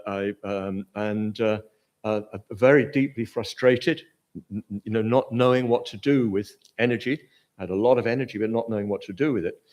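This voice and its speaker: Hesitant posh English older man lecturing. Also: mid-range voice. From Britain. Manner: hesitant, many fillers and restarts. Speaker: Buddhist teacher giving a talk. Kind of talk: informal lecture.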